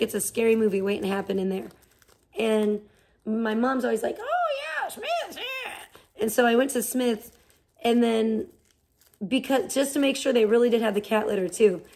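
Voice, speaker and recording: A woman's voice: a little high, fairly even intonation, moderate pace, darkish tone. A woman live streamer chatting casually, rambling and swearing as she rants in exasperation. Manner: rambling, profane, exasperated ranting. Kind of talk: casual chat.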